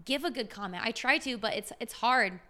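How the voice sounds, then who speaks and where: A woman's voice: fairly high pitch, brisk, bright, forceful tone. A woman in her twenties, a fitness trainer, chatting on a podcast in an enthusiastic, slangy way with lots of "like". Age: 20s. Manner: enthusiastic, filler-heavy, uses slang. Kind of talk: casual podcast chat.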